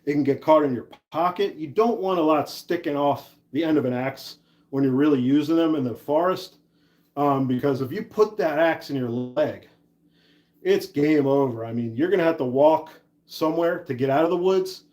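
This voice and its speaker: A man's voice: on the high side, normal speed, a little mellow. A man in his thirties, casually chatting and laughing with viewers while he works on an axe handle during a livestream. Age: 30s. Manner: chatty, laughs easily, reads and answers chat. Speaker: woodworker livestream host.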